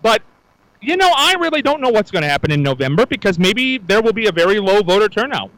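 A man co-hosting local radio in easy on-air chat. His voice sits high and bright, bouncing up and down as he talks. The sound is close and dry, with little room around it. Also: sing-song, quick pace, dry recording, low-quality recording. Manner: chatty, lists details eagerly. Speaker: radio co-host. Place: outdoors at a county fair.

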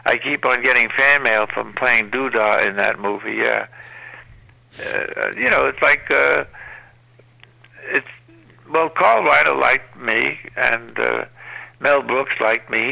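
An older man, a guest actor, telling rambling anecdotes in an interview, with many pauses and fillers. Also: medium pitch, gravelly, bright, forceful tone, poor audio.

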